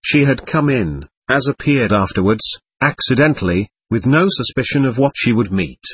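A man narrating a novel as an audiobook, with a measured, expressive reading. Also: mid-range voice, husky, dry recording.

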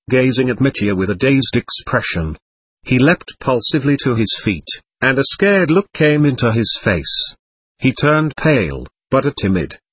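A man narrating a classic novel as an audiobook, in a steady storytelling manner. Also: medium pitch, breathy edge, no room sound.

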